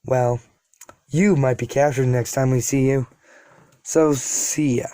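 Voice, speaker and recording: A determined teenage boy hero who speaks with earnest conviction and wants to keep his friends safe, as a man reading a fan story puts him on. His voice sits in a middle pitch, recorded dry and close. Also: steady tone, takes it slowly, mellow, no echo, lightly acted. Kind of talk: casual read-aloud of fan story.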